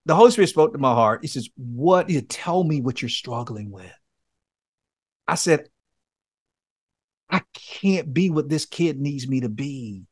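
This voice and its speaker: Here a men's coach, guesting on a podcast, earnestly shares a personal story as conversational testimony, dramatizing his own pleas. His pitch is fairly high, and the studio-quality recording carries no room sound.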